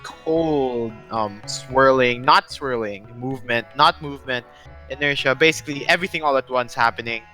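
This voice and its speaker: A man narrates a tabletop game as game master, rambling through his descriptions and correcting himself as he goes. His voice is bright and forceful. Faint music plays softly behind him. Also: medium pitch, normal speed, rough recording.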